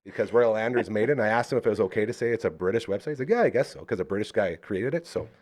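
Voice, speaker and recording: A man's voice: fairly low pitch, very fast, a little mellow. A man hosting a live local podcast, chatting casually and rambling through enthusiastic sponsor plugs. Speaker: podcast host.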